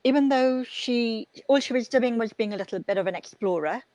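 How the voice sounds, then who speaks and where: A woman's voice: a little high, a little fast, a little mellow, no echo, rough recording. A woman guest who coaches parents, explaining her ideas in a thoughtful, casual interview.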